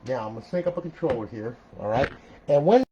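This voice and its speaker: A man's voice: mid-range voice, expressive, quick pace, dark tone, dull audio, slight background noise. An older man casually walking through a modded game console setup, rambling and chatty, tagging lines with "okay?" and "all right" and swearing now and then. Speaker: console modder showing a build. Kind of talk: casual tutorial walkthrough.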